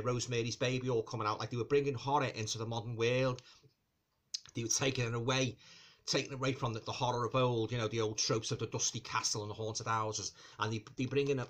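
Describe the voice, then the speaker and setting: A man chats through a film review in a loose, rambling way. His voice sits at an ordinary middle pitch for a man. He keeps circling back, restarting phrases and padding them with fillers while calling out to his viewers as guys. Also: a bit bright. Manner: repeats himself and restarts phrases often. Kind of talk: casual movie review vlog.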